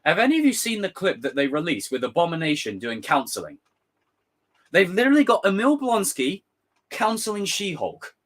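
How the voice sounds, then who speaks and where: A young man ranting casually on a live stream, swearing freely and slipping into quick impressions. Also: high-pitched. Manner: animated, swearing, jumps into impressions.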